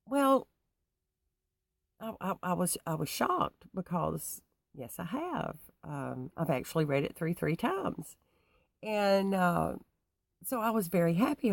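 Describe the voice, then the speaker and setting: Gravelly woman telling a story. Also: sits low, sing-song, no echo. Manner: halting, many restarts and fillers, laughs between thoughts. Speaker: YouTuber. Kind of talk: casual personal storytelling.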